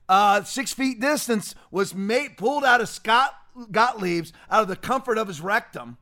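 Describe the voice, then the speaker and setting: A man's voice: high-pitched, lively intonation, moderate pace, few pauses, pushed and bright. A man hosting a commentary show, ranting in a combative way and repeating phrases for emphasis. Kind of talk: heated political commentary.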